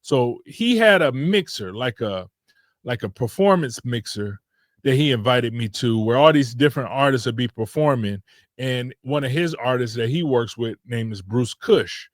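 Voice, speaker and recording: A man's voice: mid-range voice, expressive, normal speed, no room sound, clean studio sound. A man from Detroit, hosting a podcast, telling a road trip story in a loose, rambling way and correcting himself often. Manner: laid-back, rambling, with frequent self-corrections. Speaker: podcast host. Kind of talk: casual storytelling.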